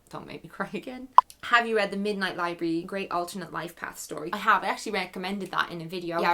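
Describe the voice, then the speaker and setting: A woman's voice: lowish voice, sharp tone. A young Irish woman chatting frankly and emotionally as she answers viewer questions, laughing often. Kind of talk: casual Q&A chat.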